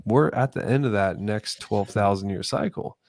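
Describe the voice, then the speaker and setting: A man's voice: fairly low pitch, moderate pace, a little mellow, no echo, clean studio sound. A man co-hosting a casual late-night podcast, talking hesitantly with lots of filler words. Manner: hesitant, many fillers like 'like' and 'um'. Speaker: podcast co-host.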